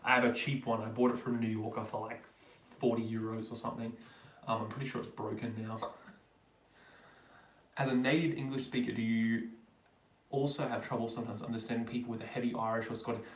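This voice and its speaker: A man's voice: medium pitch, flat delivery, brisk, reverberant, distant mic, slight background noise. An Australian man hosting a casual live Q&A stream, reading viewer questions aloud and rambling through his answers with lots of ums. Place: home in Germany.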